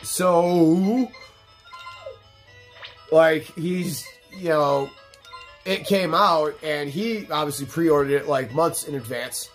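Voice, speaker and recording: A man's voice: on the high side, takes it slowly, pauses often. Rambling stoned young man over game music. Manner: rambling, profane, laid-back. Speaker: let's play host. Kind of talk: casual gameplay commentary.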